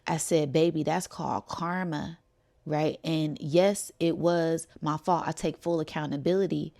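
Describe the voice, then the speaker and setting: A woman's voice: low voice, fairly even intonation, a little slow, gravelly, dark tone. A woman casually telling a story to her viewers, acting out the dialogue and laughing often. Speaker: spiritual channel host.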